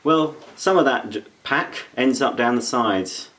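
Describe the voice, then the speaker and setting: A man's voice: mid-range voice, unhurried, fairly bright tone. A man giving a chatty, playful product demonstration with jokey asides. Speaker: product reviewer. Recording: roomy echo.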